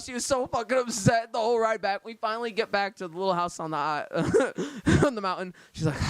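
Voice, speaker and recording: A man's voice: high-pitched, normal speed, no room sound. A young man co-hosting a podcast, rambling through a story in casual chat, swearing and laughing often. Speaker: podcast co-host.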